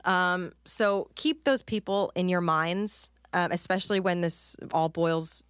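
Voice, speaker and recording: A woman's voice: fairly low pitch, a little slow, hardly any pauses, smooth, no echo, studio quality. A woman co-hosting a podcast in casual chat, rambling and a bit profane, with frequent ums. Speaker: podcast co-host; out-of-work service industry worker.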